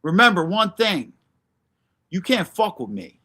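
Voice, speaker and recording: A man's voice: high-pitched, big pitch swings, unhurried, sharp tone. A man hosting a livestream, ranting in a brash, profane, confrontational way and answering chat by name. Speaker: livestream host.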